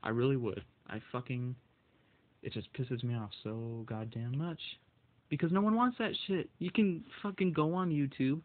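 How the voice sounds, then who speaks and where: This angry solo rant targets video game prices, with a man swearing nonstop, fumbling his words, and shaking with anger. His mid-range voice moves at normal speed, and the audio sounds narrow and tinny.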